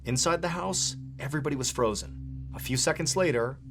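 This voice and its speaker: Man telling a suspenseful story. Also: a little hiss or hum. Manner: suspenseful, slows and drops low for tense moments. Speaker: storyteller in a played video. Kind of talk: dramatic scripted narration.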